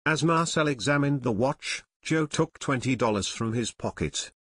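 A male audiobook narrator reading at a steady, even pace of storytelling. His pitch is mid-range and the recording is very dry and close, with no room sound. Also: normal speed, husky, no room sound. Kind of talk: scripted narration.

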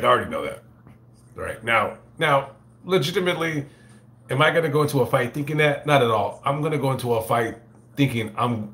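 A man hosting a casual livestream, telling a profane, rambling story full of halting restarts. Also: medium pitch, fairly bright tone, echoey room, a little hiss or hum. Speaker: livestream host reading super chats.

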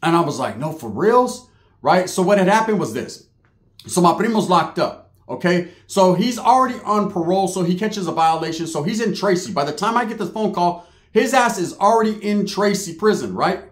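A middle-aged man with a high-pitched, animated voice tells a long street story in a casual monologue, speaking a little fast. His talk is profane and streetwise, sprinkled with Spanish slang, and the recording sounds roomy.

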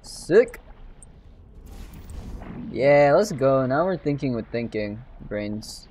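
A man's voice: mid-range voice, big pitch swings, slow pace, a little mellow, slight background noise. A young man hosting a casual gaming stream, joking and teasing his co-op partner and laughing often. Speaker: streamer host.

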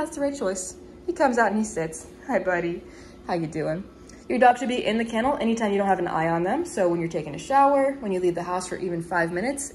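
A woman dog trainer giving a calm, matter-of-fact demonstration inside a house, explaining to viewers between brisk praise for her dog. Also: mid-range voice, slight background noise. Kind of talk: instructional demonstration.

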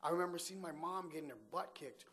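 A man's voice: fairly high pitch, steady tone, fast, fairly bright tone. Man telling a personal story casually. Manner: casual, laughing, many restarts and fillers.

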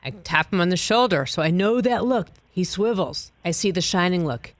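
A woman guest host chatting in a casual interview with quick, playful banter. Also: on the low side, expressive, no echo.

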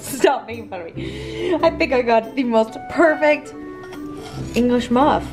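A woman's voice: a little high, expressive, unhurried, long pauses, over music. A woman vlogger chatting casually as she bakes in her home kitchen, joking and laughing at herself often. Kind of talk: casual baking vlog chat.

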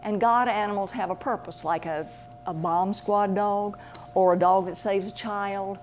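Woman, animal medium, casual anecdotal talk, lively and chatty, mid-range voice. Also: medium pitch, measured pace, slight background noise. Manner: chatty, animated, acts out voices in her stories.

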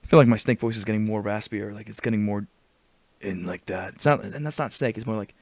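A man's voice: fairly low pitch, fast, no room sound. A man reading a video game's dialogue aloud in put-on voices, joking and swearing as he plays. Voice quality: gravelly, swears often. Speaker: let's play commentator reading game dialogue. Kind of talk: casual let's play commentary with dialogue voicing.

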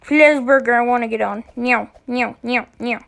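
Excitable high-voiced woman gaming. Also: moderate pace, vocal fry. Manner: excitable, shrieking and giggling often. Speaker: gameplay commentator. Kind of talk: casual gameplay commentary.

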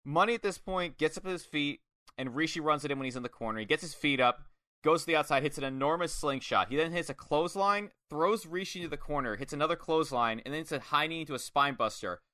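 A man co-hosting a podcast, chatting casually and retelling matches in an animated way, with lots of "like". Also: a little high, fast, no echo, studio quality. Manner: animated retelling, heavy use of "like". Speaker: podcast co-host. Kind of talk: casual chat recapping wrestling matches.

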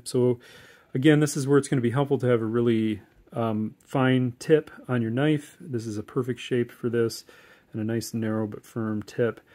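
Chatty man teaching whittling. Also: mid-range voice. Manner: relaxed, chatty, corny jokes, many fillers. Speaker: woodcarving instructor. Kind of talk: casual step-by-step tutorial.

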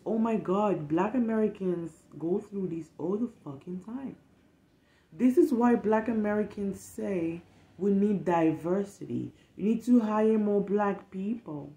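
Woman doing a storytime, swears a lot, blunt and animated, room echo. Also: fairly low pitch. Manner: profane, blunt, animated, acts out quotes. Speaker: storytime vlogger who works with kids. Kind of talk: casual storytime monologue. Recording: roomy echo.

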